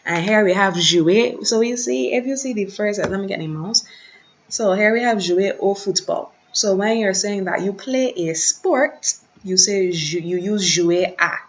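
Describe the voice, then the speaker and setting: A woman teaching a recorded online lesson, repeating each word slowly and carefully for practice, speaking into a computer mic at her desk. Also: mid-range voice. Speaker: French teacher. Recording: dull, slightly lo-fi recording.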